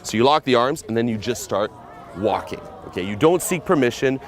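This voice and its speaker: Blunt, profane American dating coach. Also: male voice, medium pitch, expressive, a little fast. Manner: blunt, profane, keeps checking "okay?". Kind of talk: casual coaching vlog.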